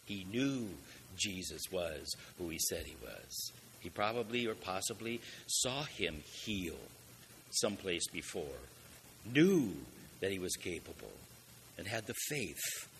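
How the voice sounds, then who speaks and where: Man, sermon, low voice, rhetorical questions, faint noise. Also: lively intonation, slow pace, a bit bright. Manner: rhetorical questions, emphatic swells in volume. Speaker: preacher.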